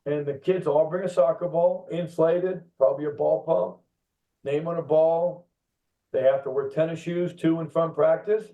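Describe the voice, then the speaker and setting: A middle-aged man talks in an animated way, acting out voices and laughing through his stories. His voice sits fairly high for a man. It comes through a tinny, phone-like line, heard from some distance off the mic. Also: normal speed, echoey room. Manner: animated storyteller who laughs and acts out kids and parents. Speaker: director of coaching at a youth soccer club. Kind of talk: casual podcast chat.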